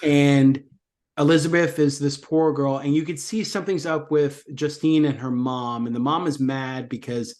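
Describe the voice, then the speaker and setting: A man's voice: fairly high pitch, moderate pace. A man co-hosting a movie podcast, chatting casually and acting out silly lines from films. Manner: animated, mimics movie lines in silly voices. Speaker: podcast co-host.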